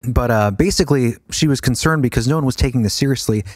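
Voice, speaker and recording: A man's voice: medium pitch, fast, dry recording, studio quality. A man co-hosting a podcast, chatting casually and a bit hesitantly as he explains history. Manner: rambling, hesitant, with fillers. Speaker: podcast co-host.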